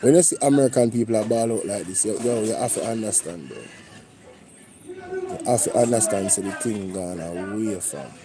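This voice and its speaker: A man's voice: fairly low pitch, wildly swooping pitch, moderate pace. A Jamaican man hosting a reaction stream, commenting casually and slipping into patois. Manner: conversational, lapsing into patois. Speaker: reaction channel host. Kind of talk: casual commentary with livestream shout-outs.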